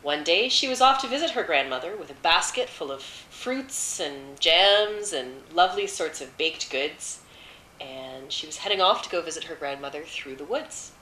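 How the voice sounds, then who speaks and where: A woman's voice: sits low, animated, moderate pace, pushed and bright, echoey room, a little hiss or hum, poor audio. A woman casually retelling a fairy tale off the cuff, chatty, with fillers and wry asides. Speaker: storyteller.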